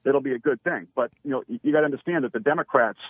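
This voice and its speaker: This caller to a radio talk show, a man from Massachusetts, speaks rapid-fire in a slightly rough, mid-range voice, agitated and restarting often as he fumbles his words. He's on a phone, and the dry, tinny line carries no echo.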